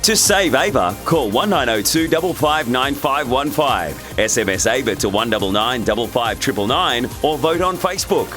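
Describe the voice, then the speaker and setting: A man's voice: mid-range voice, moderate pace, hardly any pauses. A man reading scripted TV voice-over in an upbeat announcing manner. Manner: upbeat announcing with lively swings. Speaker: narrator. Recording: voice-over over loud music.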